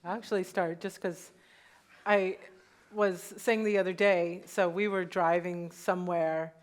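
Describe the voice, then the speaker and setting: Brief: woman host on a stage panel, lowish voice, dry humor, easygoing. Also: a little slow. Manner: relaxed, wry storyteller. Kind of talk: live panel discussion. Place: on stage in a town hall venue.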